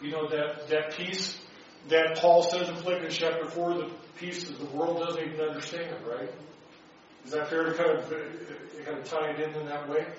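Man, Bible class teacher, slightly high voice, rhetorical questions, echoey dull recording. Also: level tone, normal speed, a little hiss or hum. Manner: asks the group rhetorical questions.

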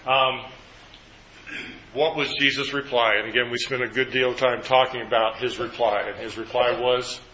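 A man's voice: medium pitch, steady tone, moderate pace, sharp tone, highs cut off, a little hiss or hum. A man leading a group Bible study, asking the group questions and then recapping their answers.

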